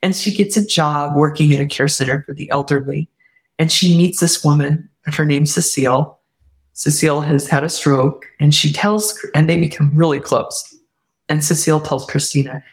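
A woman guest telling a personal story earnestly, often quoting what others said, and reflecting warmly on faith. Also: deep voice, normal speed. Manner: earnest, heartfelt retelling with quoted dialogue; warm spiritual reflection. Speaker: podcast guest.

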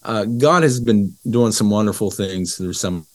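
A middle-aged man telling a story as an interview guest, lively and acting out the dialogue of the people in it. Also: on the low side, measured pace, no room sound. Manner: animated storyteller who acts out dialogue. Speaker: interview guest, business educator.

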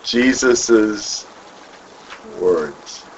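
A man's voice: on the low side, lively intonation, very slow. A man leading a group Bible study, who asks questions, then repeats and expands on the answers. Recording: dull lo-fi room recording with faint noise.

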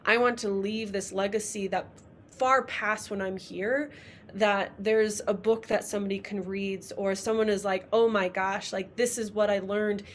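A woman's voice: mid-range voice, little pitch movement, moderate pace, slight background noise. A woman guest in a casual interview, effusive and emotional as she talks. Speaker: podcast guest, coach.

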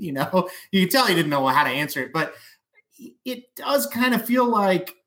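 A man co-hosting a podcast in casual chat, animated and fond of acting out quotes. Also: medium pitch, brisk. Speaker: podcast co-host.

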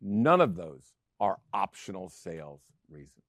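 A man's voice: fairly low pitch, normal speed, no echo, clean studio sound. A middle-aged man hosting a real estate show, talking casually and driving his points home with emphatic repetition. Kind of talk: casual talk show monologue.

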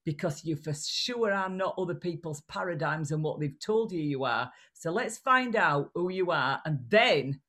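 A woman's voice: fairly low pitch, moderate pace, hardly any pauses. A woman with a regional British accent, a communication coach speaking as a guest in a casual interview over a video call, blunt and chatty. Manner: animated, blunt, chatty with restarts.

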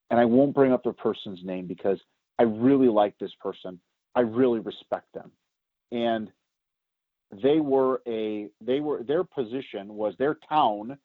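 A man co-hosting a political podcast, talking loudly and emphatically, getting louder when he is excited. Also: mid-range voice, moderate pace, no room sound. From United States. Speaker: podcast co-host. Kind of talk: opinionated political podcast talk. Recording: tinny phone-like sound.

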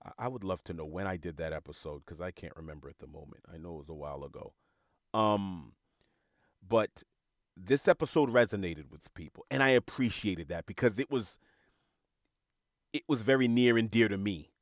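Earnest low-voiced male podcast host. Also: expressive, moderate pace, no room sound, studio quality. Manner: earnest, repeats words when searching for them. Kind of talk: reflective monologue.

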